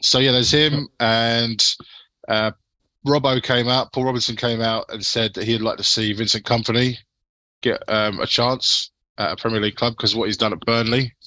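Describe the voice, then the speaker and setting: A man's voice: medium pitch, fairly even intonation, normal speed, bright, forceful tone, no room sound. A man hosting a casual football podcast, rambling and swearing freely as he turns questions to his co-hosts. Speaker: podcast host.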